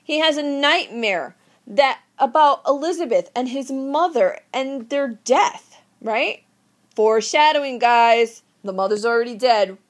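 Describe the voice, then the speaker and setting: Lively woman teacher, fairly high voice, dramatic, quizzes students. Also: unhurried. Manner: lively, theatrical, asks the class questions. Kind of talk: recorded literature lecture.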